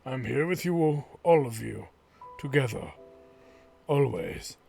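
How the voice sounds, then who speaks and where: A man voicing a frightened, dying little girl from a game story, pleading in a high, tearful voice. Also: sing-song, slow pace, creaky, a little mellow, faint music behind, heavily acted. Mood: tender. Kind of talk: game text read aloud in voices.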